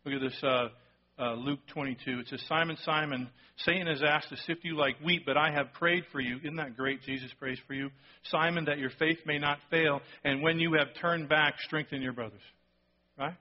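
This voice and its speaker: A man preaching a sermon, telling a story with lively acted-out quotes and sudden drops to a hushed voice for emphasis. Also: on the high side, normal speed, muffled recording. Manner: animated storytelling, acting out quotes, dropping to a hush for emphasis. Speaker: pastor.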